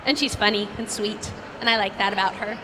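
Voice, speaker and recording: A woman's voice: mid-range voice, fairly even intonation, fairly quick, big-room sound, background noise. A young woman, a voice actress, telling bubbly, self-mocking stories at a convention fan Q&A. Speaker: voice actress panel guest. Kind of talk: animated storytelling at a fan Q&A. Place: convention panel room.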